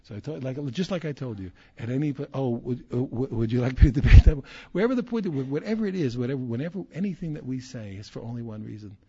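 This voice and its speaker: Raspy rabbi guy giving a torah class, repeats himself a lot, dull lo-fi sound. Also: mid-range voice, animated, fast, few pauses, dark tone. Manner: emphatic, repeats phrases, restarts, chuckles. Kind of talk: animated Torah class teaching. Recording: dull lo-fi recording.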